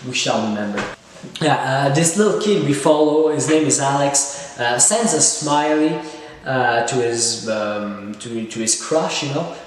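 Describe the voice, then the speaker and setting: A man's voice: medium pitch, a little slow. A man giving a casual, rambling, sarcastic film review with many fillers and hesitations. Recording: echoey room with long reverb.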